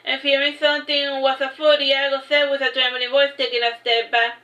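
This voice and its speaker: High, bright woman reading a story. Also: little pitch movement, a little fast. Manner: unpolished reading with frequent restarts and fillers. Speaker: narrator reading her own book. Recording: echoey, dull lo-fi livestream audio.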